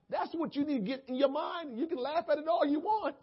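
A man preaching a sermon, moving from quiet, low asides to shouted, drawn-out scripture lines. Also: dull audio. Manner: drawn-out emphatic scripture reading. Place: church.

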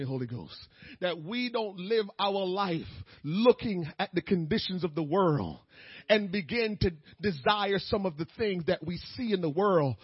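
A male pastor preaching a sermon, moving between quiet talk and shouted, tearful appeals, with many "uh" fillers. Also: sits high, breathy edge, dry recording, highs cut off. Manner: fills pauses with "uh".

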